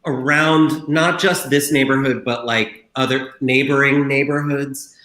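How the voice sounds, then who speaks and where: A man's voice: medium pitch, steady tone, unhurried, a bit bright, echoey room. A man appearing as a guest on an online talk show, joking and easygoing. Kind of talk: casual interview chat.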